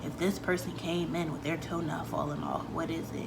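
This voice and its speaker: A young woman vlogging casually, telling a story in a chatty, animated way, swearing freely and acting out what people said. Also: low voice, fairly quick, vocal fry, very noisy. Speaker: beauty vlogger.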